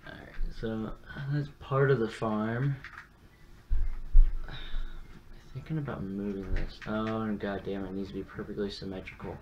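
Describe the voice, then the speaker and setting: Young man, low voice, rambling gameplay chatter, casual swearing, muffled lo-fi recording, steady background noise. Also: unhurried, pauses often. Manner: rambling, profane, self-deprecating. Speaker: gaming channel host.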